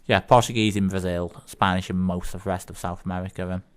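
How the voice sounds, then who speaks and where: Northern English radio co-host, lower voice, meandering joke delivery full of ums. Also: male voice, flat delivery, quick pace, clean tone. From England. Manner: rambling, hesitant, full of fillers. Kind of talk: casual radio chat telling jokes. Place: community radio studio.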